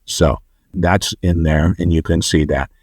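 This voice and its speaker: Podcast guest, male, low-pitched, rambling storyteller, dry close sound. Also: unhurried, slightly rough, no room sound. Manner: rambling, animated when quoting others. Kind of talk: conversational storytelling.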